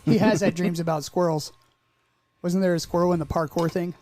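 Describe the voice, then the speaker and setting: A man's voice: sits high, level tone, a little mellow. A man co-hosting a podcast in casual, rambling chat, joking and breaking into silly voices. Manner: rambling, jokey, quick to put on silly voices. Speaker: podcast co-host.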